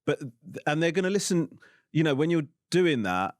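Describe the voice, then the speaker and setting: A man's voice: fairly high pitch, very animated, moderate pace, no echo, clean studio sound. A man in his forties with an English accent, hosting a casual interview and asking questions with many restarts. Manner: hesitant, restarts questions often. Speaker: host.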